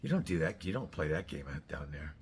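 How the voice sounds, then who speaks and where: A man delivering a blunt, profane ranting monologue that keeps flaring into loud outbursts. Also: a bass voice, very animated, fairly quick, gravelly, a little hiss or hum. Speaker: host.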